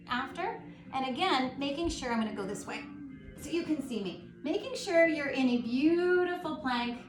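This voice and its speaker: A woman guiding a yoga class at home, calm and encouraging as she talks listeners through each pose. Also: fairly high pitch. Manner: calm, encouraging, gently instructive. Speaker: yoga instructor. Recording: echoey room with faint music.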